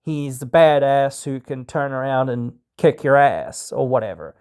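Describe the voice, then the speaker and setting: An Australian podcast host chats casually in an unhurried mid-range voice with a darkish, clean tone. He rambles and uses plenty of fillers, putting on mock voices for stereotypes.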